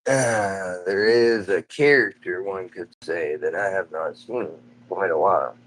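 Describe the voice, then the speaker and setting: A man's voice: deep voice, a little slow, a bit bright. A man streaming live from home, chatting casually in a loose, rambling way, swearing offhand and calling everyone "dude".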